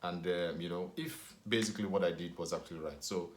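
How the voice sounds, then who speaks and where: A man from Nigeria with a Nigerian accent, casually telling a rambling, animated story to camera and leaning on "you know". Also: deep voice, a little fast, echoey room. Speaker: vlogger.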